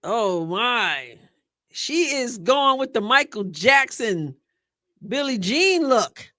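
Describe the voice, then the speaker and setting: A middle-aged woman hosts a live stream, her voice bright and forceful. She chats casually and excitably, thinking aloud and talking back to her viewers. The sound is dry and close, with no room around it. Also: on the high side, slow, no room sound. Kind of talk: casual live commentary reacting to a sports draft.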